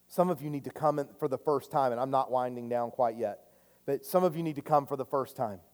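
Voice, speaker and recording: A man in his thirties preaching a sermon, earnest and confessional, his voice swinging from loud declarations to hushed admissions. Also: medium pitch, fairly quick. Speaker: pastor. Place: church sanctuary. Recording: long hall reverb.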